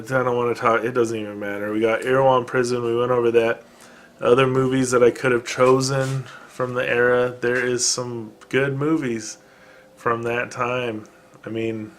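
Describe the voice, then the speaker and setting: In a home room where dogs are present, a man records a solo podcast and drifts between topics with dry jokes at his own expense. He often halts and starts over, filling pauses with ums and uhs, his ordinary mid-pitched voice carrying a fairly bright tone.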